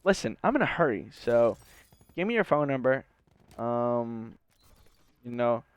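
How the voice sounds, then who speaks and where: A man voicing a hurried woman driver in a brisk, matter-of-fact way, in his own voice. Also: medium pitch, big pitch swings, clear, resonant tone, lo-fi sound.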